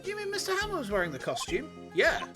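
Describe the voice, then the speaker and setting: A man voicing an excitable teenage girl sidekick in a game, eager and squeaky, over background music. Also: fast, heavily acted.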